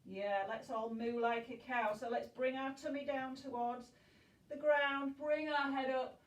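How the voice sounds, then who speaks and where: High, slow-spoken woman teaching kids yoga. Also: fairly even intonation, echoey room, far from the mic, rough recording. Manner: encouraging, playful, makes animal noises. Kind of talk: guided children's yoga class.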